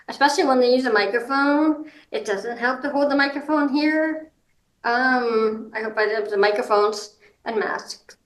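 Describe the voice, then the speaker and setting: A woman speaking as a guest advocate, giving practical advice in an informal, halting way with many ums and restarts. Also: a little high, a bit bright. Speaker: guest, hard of hearing and seniors advocate. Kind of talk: explanatory advice talk. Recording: roomy echo.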